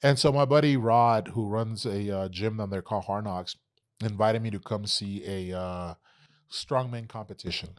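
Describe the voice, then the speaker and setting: A young man from Texas guests on a podcast, telling stories in a casual interview. His voice is fairly low and moves at a normal speed. He's animated and swears often, acting out the quoted dialogue in his tales.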